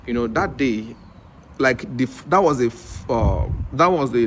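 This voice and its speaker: Telling a story for his casual vlog, this Nigerian English teacher speaks in a medium-pitched voice at normal speed, with faint music in the background. He's animated, voicing the other people's dialogue himself and rambling with frequent restarts.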